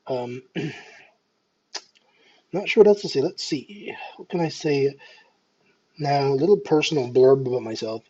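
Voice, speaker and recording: A man in his thirties from Canada, with a faint Scottish lilt, talks to his camera in a nervous, self-mocking ramble that is full of restarts and ums. His voice is husky and sits at an ordinary pitch. The recording is dull and lo-fi. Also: unhurried, pauses often, mellow. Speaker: vlogger. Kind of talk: casual nervous vlog monologue.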